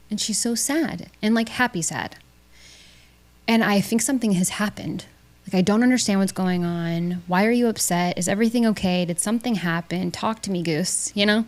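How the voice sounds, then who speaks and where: A young woman hosting a podcast, telling a personal story in a casual, candid way and swearing freely. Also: medium pitch. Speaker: podcast host. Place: small home studio.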